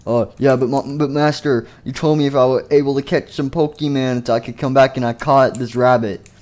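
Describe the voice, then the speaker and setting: A man's voice: medium pitch, fairly even intonation, fairly quick, a little mellow, lightly acted. A man doing an eager animatronic rabbit.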